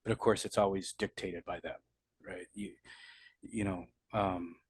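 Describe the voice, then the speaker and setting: A man's voice: deep voice, fairly even intonation, a little slow, slightly rough, dry recording. Middle-aged vet guy, blunt and swearing a lot, stumbles and restarts, dry close sound. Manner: blunt, profane, with many restarts. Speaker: combat veteran interviewee. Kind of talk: candid storytelling interview.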